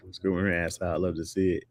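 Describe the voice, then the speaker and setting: A man in his thirties chatting casually and jokingly, laughing often and acting out quotes. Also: low voice. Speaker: streamer talking to chat. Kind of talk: casual chat.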